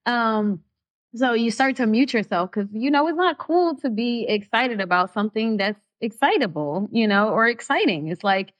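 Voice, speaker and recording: A woman speaking as a guest in a candid interview, expressive and heartfelt, her voice rising when she gets excited. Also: fairly high pitch, moderate pace. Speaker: actress guest.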